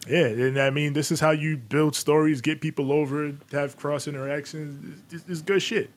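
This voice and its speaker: A man's voice: a little high, steady tone, moderate pace. Laid-back young man chatting wrestling. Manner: laid-back, swears, quotes wrestlers in put-on voices. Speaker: podcast co-host. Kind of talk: casual wrestling chat.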